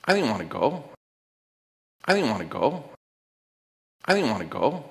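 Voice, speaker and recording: A middle-aged man telling a personal story on stage, with an earnest, deliberate, heartfelt delivery and pauses. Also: medium pitch, very animated, gravelly, fairly bright tone. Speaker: conference speaker. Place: stage in a large auditorium. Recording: long reverb of a large auditorium.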